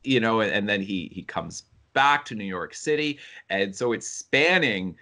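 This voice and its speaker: A man's voice: lowish voice, animated, normal speed, bright, forceful tone. A man co-hosting a casual film review chat, talking in a thoughtful, rambling way with many fillers and restarts. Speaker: film review podcast co-host.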